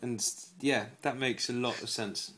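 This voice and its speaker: A man with a British accent interviewing a guest, mostly giving short quiet replies. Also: medium pitch, steady tone, moderate pace. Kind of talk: research interview.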